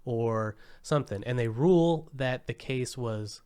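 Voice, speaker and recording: A man in casual podcast chat, walking through a film's story scene by scene. He talks in an animated, filler-heavy way, with "like" scattered through his sentences, at a middle pitch. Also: unhurried, clean tone. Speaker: podcast co-host.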